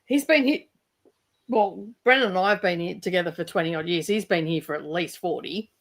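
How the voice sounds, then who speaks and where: A woman's voice: on the low side, brisk. A woman hosting a casual livestream, chatting with a guest and reading out viewers' comments, laughing often. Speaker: livestream host.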